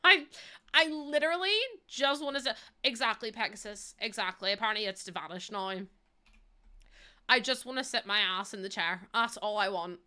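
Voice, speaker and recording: A young woman chats her way through a live game stream, teasing her viewers and laughing a lot as she reads their comments. Her voice sits a little high and rings bright and sharp. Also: expressive, moderate pace. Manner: chatty and teasing, laughs often, reads out chat. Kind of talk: casual live-stream chat.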